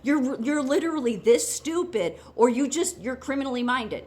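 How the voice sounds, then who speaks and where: A woman's voice: high-pitched, expressive, moderate pace, a little mellow. An American woman giving a heated, rambling opinion monologue as a commentary vlogger, indignant, with frequent restarts.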